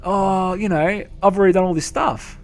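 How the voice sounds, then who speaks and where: Here is a blunt, teasing Aussie tradie dad, yelled out loud with plenty of swearing, as a man puts him on. The voice sits much higher than the man's natural tone. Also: steady tone, moderate pace. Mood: smug. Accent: Australian.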